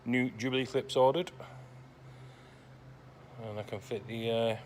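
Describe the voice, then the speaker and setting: A man's voice: medium pitch, steady tone, unhurried, long pauses, background noise. A man narrating his classic car restoration work in a garage workshop, grumbling with dry sarcasm between practical explanations.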